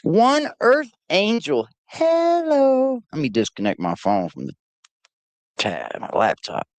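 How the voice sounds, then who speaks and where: A woman's voice: extremely low pitch, huge pitch swings, unhurried, dry recording. A woman hosting a casual livestream, playfully greeting chatters by name one after another on a laptop mic. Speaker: livestream host.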